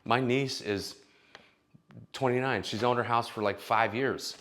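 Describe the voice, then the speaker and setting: A man's voice: mid-range voice, measured pace, fairly bright tone. A man in his forties giving dating advice in a blunt, profane, opinionated casual rant.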